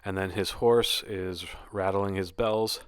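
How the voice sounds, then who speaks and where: A man giving a casual spoken poetry lesson, explaining in a relaxed way with occasional fillers. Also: sits low, slow, clean tone, no room sound. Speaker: poetry teacher.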